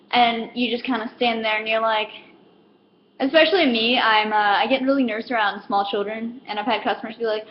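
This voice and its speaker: A woman's voice: fairly high pitch, a little fast. Rambling young woman telling retail stories. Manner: rambling with many fillers, acting out customers. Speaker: comedic vlogger. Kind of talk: casual stand-up style monologue. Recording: roomy, dull lo-fi with faint hiss.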